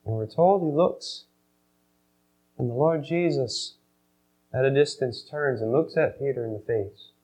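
A man preaching a sermon, retelling a scene dramatically and swinging between loud emphasis and hushed, slow passages. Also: mid-range voice, rough recording. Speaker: pastor.

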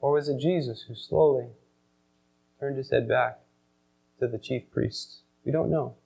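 A man preaching a sermon, retelling a scene dramatically and swinging between loud emphasis and hushed, slow passages. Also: mid-range voice, vocal fry, husky, rough recording. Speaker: pastor.

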